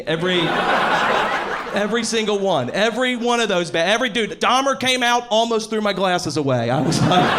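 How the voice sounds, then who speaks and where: High-voiced sardonic male comic. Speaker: stand-up comedian. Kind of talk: stand-up set. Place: comedy club stage with laughing audience. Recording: live club recording with clear background noise.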